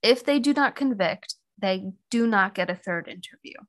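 A young woman talks through a true crime case in a loose, chatty way, her voice sitting at an ordinary middle pitch. She leans on "like" and "um" as she goes. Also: animated, normal speed. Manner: chatty, heavy use of "like" and "um". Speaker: podcast co-host telling a true crime case. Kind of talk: casual chat.

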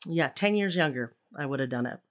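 A woman's voice: deep voice, a little fast. A middle-aged woman, a stage actor, telling anecdotes as a podcast guest and laughing often. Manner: animated storyteller, laughs often. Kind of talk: casual conversational interview.

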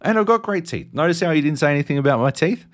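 An Australian man in his thirties co-hosting a casual podcast chat. He tells stories with lots of swearing. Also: fast. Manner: animated, swearing storyteller, jumps high in pitch for quoted outbursts. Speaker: podcast co-host.

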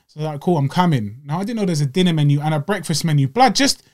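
A young man co-hosting a podcast, telling stories in casual slang and getting louder as he gets riled up. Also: on the high side, racing. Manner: animated storytelling with slang, voices rising when riled. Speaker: podcast co-host. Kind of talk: casual chat. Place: small home studio.

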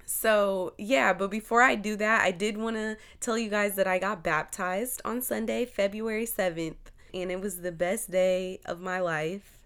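Chatty heartfelt woman podcaster, smooth voice. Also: medium pitch, fairly even intonation, a little slow, few pauses, a bit bright. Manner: chatty, heartfelt, full of fillers. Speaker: podcast host. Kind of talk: casual podcast monologue.

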